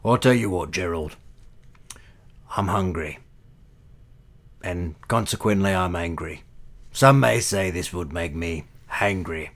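A man's voice: low voice, unhurried, pauses often, fairly bright tone. A man voicing a hungry, wisecracking turtle adventurer who rambles in a wry, hesitant way.

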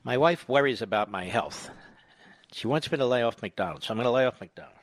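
A man's voice: medium pitch, expressive, brisk, no room sound. A man hosting a radio talk show, delivering an opinionated, indignant and sarcastic monologue into a studio microphone.

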